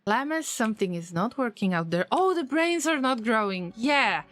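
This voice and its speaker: A woman's voice: fairly high pitch, sing-song, moderate pace, fairly bright tone, no room sound, soft background music. A woman streaming a game, chatting casually with her viewers in a playful, teasing way and answering their messages with jokes. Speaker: gaming streamer. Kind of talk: casual live-stream chat while playing.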